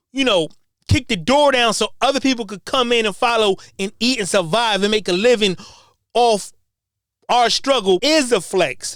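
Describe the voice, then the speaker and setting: Recorded with clean studio sound and no room noise, a woman with a fairly high voice delivers a heated podcast rant. Swearing and mocking rhetorical questions pour out of her, and she stammers on repeated words as she gains momentum.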